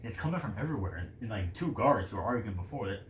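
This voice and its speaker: A man's voice: fairly low pitch, expressive, racing. A man casually telling a story, rambling with many fillers. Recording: roomy echo, faint noise.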